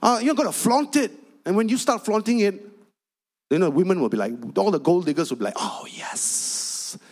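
A male pastor delivers a sermon in a chatty storytelling way, full of asides to the congregation. His voice sits a little high for a man. He turns animated and emphatic when he drives his point home. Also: fairly quick. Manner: chatty storytelling with frequent "you know" asides.

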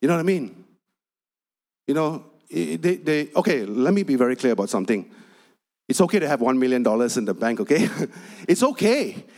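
A man's voice: medium pitch, big pitch swings, brisk, darkish tone. A man preaching a sermon, telling a personal story in a chatty way with frequent asides and turning emphatic as he preaches. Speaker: pastor.

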